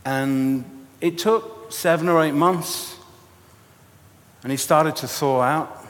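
A man preaching a sermon, telling a personal story with animated, self-mocking humor. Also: on the high side, takes it slowly. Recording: long hall reverb.

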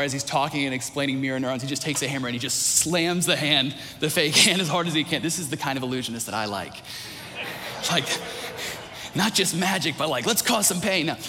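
A man's voice: medium pitch, a bit bright, big-room sound, a little hiss or hum. A man preaching a sermon in a church, earnest, building his points with repeated phrases and restarts. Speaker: pastor.

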